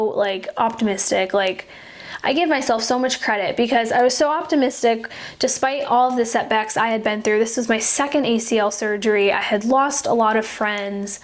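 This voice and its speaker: A young woman in her twenties hosting a podcast, telling a personal faith story in an earnest, chatty way full of 'like'. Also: fairly high pitch. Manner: chatty, filler-heavy, frequent 'like'; earnest and heartfelt. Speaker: podcast host. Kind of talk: casual faith-based storytelling.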